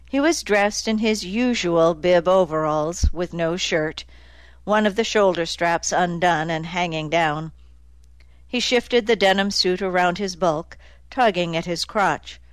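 A woman narrating a crime novel aloud in a steady, even storytelling manner. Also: lowish voice, clean tone, dry recording. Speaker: audiobook narrator. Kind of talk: scripted narration.

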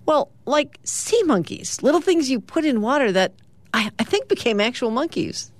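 A woman's voice: high voice, very animated, normal speed, dry recording, pitched above the performer's own voice. Woman reading as a rambling male comic-strip rat.

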